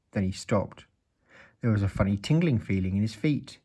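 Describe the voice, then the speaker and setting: A man reading a children's story aloud in an expressive, playful way. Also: on the low side, fairly quick, slightly rough.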